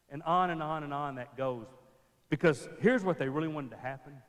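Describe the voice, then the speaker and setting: In a church, a man gives a fast-paced sermon, acting out little scenes and sinking to a near whisper to drive home his points. His voice sits a little high for a man, and a long reverb trails each line.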